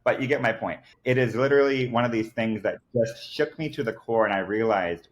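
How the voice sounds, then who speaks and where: Low-voiced man telling his story earnestly. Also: a little fast. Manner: earnest and emphatic, many fillers like "like" and "I kid you not". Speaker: podcast guest. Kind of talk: personal storytelling in conversation.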